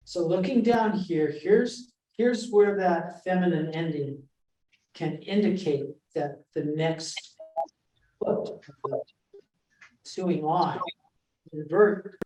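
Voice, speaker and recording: A man teaches a casual class in a roomy space, his voice mellow and captured from across the room. He talks slowly, breaking off and restarting often. Now and then he reads out lines of verse. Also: on the high side, distant mic. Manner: halting, with many fillers and restarts, reads verse aloud. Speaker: presenter of a Shakespeare class. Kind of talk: informal classroom lecture. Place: library meeting room. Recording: echoey room, voice picked up from afar.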